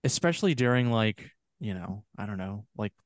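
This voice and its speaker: A man's voice: lowish voice, expressive, moderate pace, dry recording, studio quality. A man co-hosting a podcast in casual chat, rambling and trailing off with frequent laughs. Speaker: podcast co-host.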